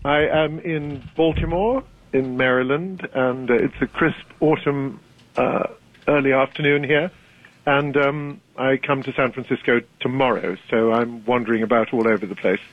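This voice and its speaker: A British man in his seventies, a guest author speaking in a radio interview, articulate and measured. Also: medium pitch, steady tone. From Britain. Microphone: phone line. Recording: dry tinny phone line.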